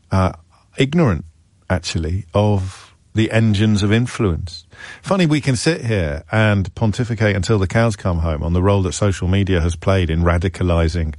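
A middle-aged man, giving wry political commentary in a digressive, halting way with frequent restarts. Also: lowish voice, darkish tone, no echo, clean studio sound. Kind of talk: monologue commentary.

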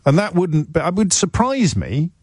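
A man's voice: fairly high pitch, sing-song, moderate pace, a little mellow, husky, dry recording, clean studio sound. A man hosting a talk radio show, musing aloud in a wry, self-questioning way. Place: radio studio. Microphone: studio microphone.

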